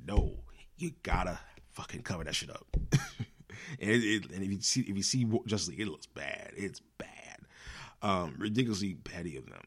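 On his casual commentary show, a podcast host rants angrily, swearing a lot, using slang and restarting his sentences. His low voice is animated and moves at a moderate pace.

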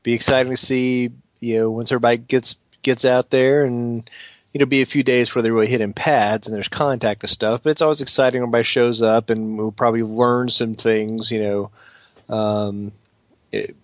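A man, co-hosting a sports podcast and talking through football questions in a measured, hesitant way. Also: medium pitch, steady tone, dry recording, muffled recording. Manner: measured, hesitant, with many fillers. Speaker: podcast co-host. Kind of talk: casual sports chat.

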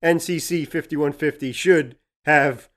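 A man's voice: on the high side, fairly even intonation, a little slow, a bit bright. Enthusiastic man co-hosting a podcast. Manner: enthusiastic, laughs between words. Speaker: podcast co-host. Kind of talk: casual chat.

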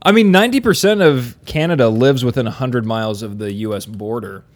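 Jokey, rambling male podcast host. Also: mid-range voice. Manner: jokey, rambling, quick asides. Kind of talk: casual banter.

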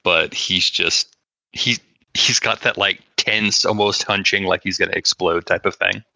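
A man's voice: low-pitched, fairly even intonation, unhurried, gravelly, bright, forceful tone, no room sound, poor audio. A man casually narrating his character's actions in a tabletop game. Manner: casual, descriptive.

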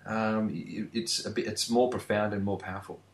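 A man's voice: on the low side, fairly even intonation, normal speed. Man in a roomy room. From Australia. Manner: earnest, emphatic, repeats phrases. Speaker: podcast co-host. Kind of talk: casual podcast chat.

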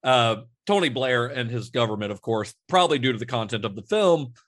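A man's voice: mid-range voice, fairly quick, no echo. Casual male podcast host, dry close sound. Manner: relaxed, rambling with frequent fillers and restarts.

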